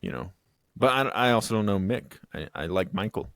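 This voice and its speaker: A young man with a very deep voice talks through news as co-host of a casual podcast. His manner is easygoing and loose, with plenty of "dude" and "um". The recording sounds dry and close to the mic. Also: animated, a little fast, vocal fry, dry recording. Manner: laid-back, easygoing, says "dude" and "um" a lot. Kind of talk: casual chat.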